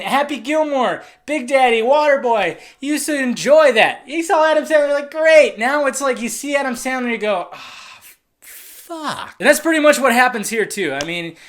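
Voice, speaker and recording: Profane, excitable young film reviewer. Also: mid-range voice. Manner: profane and excitable, swinging from muttering to shouting. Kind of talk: casual ranting film review.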